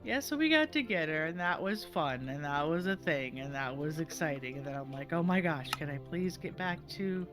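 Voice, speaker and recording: Middle-aged woman, streamer, casual storyteller; expressive lilting delivery, music audible behind. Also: sits low, normal speed, hardly any pauses. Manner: animated, acts out quoted voices, laughs often.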